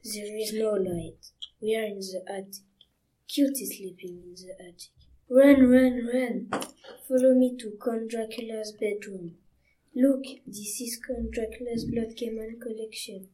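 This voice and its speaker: A woman's voice: on the high side, fairly even intonation, a little slow, dark tone. A young schoolgirl reading her part in a class play, plainly and carefully. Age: child. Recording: voice from a distance.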